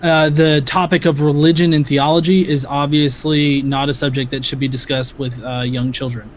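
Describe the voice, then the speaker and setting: A man debating on a live stream, halting and restarting, then snapping back with sarcasm. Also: fairly high pitch, level tone, a little hiss or hum. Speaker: debate guest.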